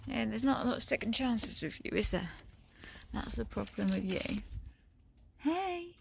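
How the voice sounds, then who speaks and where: A woman, chatting casually to stray kittens and cooing at them in a high sing-song voice. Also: moderate pace, vocal fry, a little hiss or hum. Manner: coos and sing-songs to the kittens in high pitched baby talk. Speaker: vlogger. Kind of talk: casual chat to stray cats.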